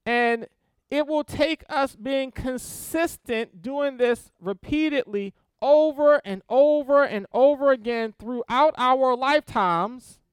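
An extremely high-pitched male voice, slow, clear and resonant, comes through a dry recording with clean studio sound. He teaches spiritual disciplines in a casual sermon, chatting with listeners and often checking in with "okay?" and "right?"

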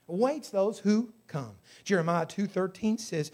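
A man's voice: high voice, lively intonation, a little slow, hardly any pauses, a little mellow. A man preaching a sermon, emphatic, with surges in volume on key phrases as he tells stories. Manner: storytelling preacher.

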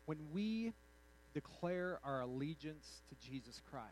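A man preaching a sermon in an animated, conversational way, acting out the quotes in his story. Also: on the high side, measured pace, a little hiss or hum, rough recording. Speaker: pastor.

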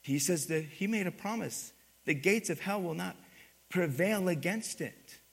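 A man preaching a sermon, moving from quiet teaching to loud, emphatic passages and asking the congregation for responses. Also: sits high, animated, unhurried, creaky, husky. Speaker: pastor.

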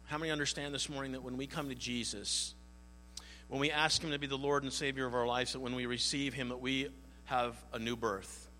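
A man preaching as a pastor in a church, moving from earnest prayer to folksy storytelling with pauses and restarts. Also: mid-range voice, steady tone, sharp tone, big-room sound, slight background noise. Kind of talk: sermon with prayer and a joke.

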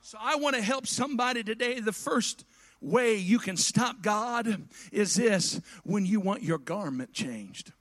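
A man preaching a sermon to his congregation in a folksy way, addressing them directly and swinging from quiet asides to shouted climaxes. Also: high-pitched, lively intonation, measured pace.

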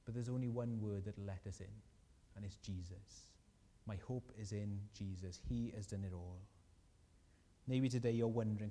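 A man preaches a sermon with a warm, mellow tone. He speaks earnestly and lifts his voice on key lines. The church hall rings with long reverb around him. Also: on the low side, steady tone, moderate pace. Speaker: pastor.

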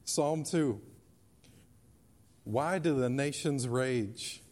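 A man's voice: medium pitch, very slow, darkish tone. A male pastor preaching a sermon, reading scripture and driving points home with emphatic repetition. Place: church sanctuary.

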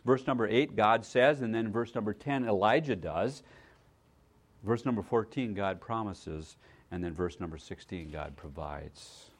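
A man preaches conversationally, pausing to check in with the people listening. Pitched fairly low and moving at a measured pace, he alternates loud emphasis with hushed remarks and tends to repeat words.

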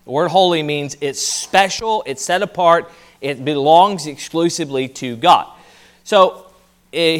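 A man preaching a teaching sermon, explaining points and reading scripture aloud, repeating key ideas for emphasis. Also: a little high. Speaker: pastor.

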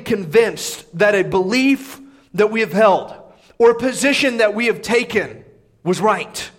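A pastor preaching to his congregation, with a voice pitched high for a man. He leans hard on key phrases, swinging from hushed, low asides to raised, emphatic declarations. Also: animated, unhurried. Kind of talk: sermon.

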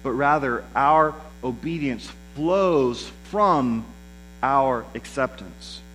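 A man's voice: mid-range voice, slow pace, a bit bright, slight background noise, poor audio. A man preaching a sermon in a conversational way, acting out the lines of the people he quotes. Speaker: pastor.

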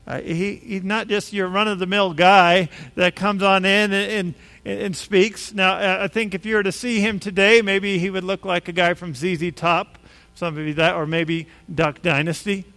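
High-voiced man preaching a lively sermon. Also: normal speed, in a large hall. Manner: conversational, animated with rising emphasis. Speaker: pastor.

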